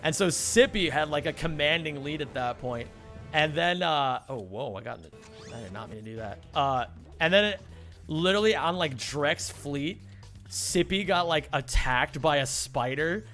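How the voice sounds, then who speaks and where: A man's voice: a little high, expressive, normal speed, fairly bright tone, soft background music. A young man speedrunning a game, rambling through a funny story with frequent laughs and casual swearing. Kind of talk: casual chat while gaming.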